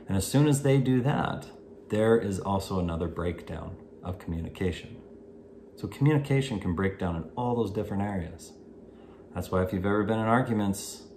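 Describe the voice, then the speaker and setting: Low-voiced man teaching in an echoey room. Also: a little mellow. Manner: measured, explanatory, gives spoken examples. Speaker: parenting instructor. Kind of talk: instructional video talk. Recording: echoey room with faint hiss.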